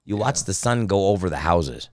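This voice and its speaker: Male comedian guest, animated storyteller, dry studio mic, swears freely. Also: low voice, normal speed, no room sound. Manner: storytelling, profane, lots of fillers. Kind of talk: casual podcast chat. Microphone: studio microphone.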